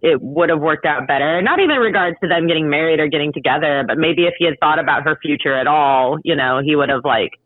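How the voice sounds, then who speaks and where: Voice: medium pitch, fast talker, few pauses, dry recording. A co-host in a casual chat about a play, speaking thoughtfully and analytically. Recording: tinny phone-like call line.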